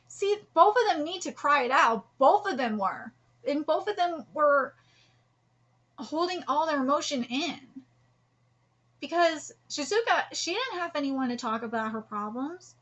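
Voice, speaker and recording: A woman's voice: sits high, animated, unhurried, fairly bright tone, low-quality recording. A woman hosting a live manga reaction, talking in an earnest, heartfelt way and rambling with restarts. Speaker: host reacting to a manga chapter.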